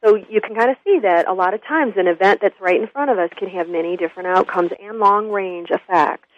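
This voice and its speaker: A woman guest telling a story in an earnest, animated interview. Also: medium pitch, a little fast. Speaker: guest, school consultant. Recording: dull lo-fi radio audio.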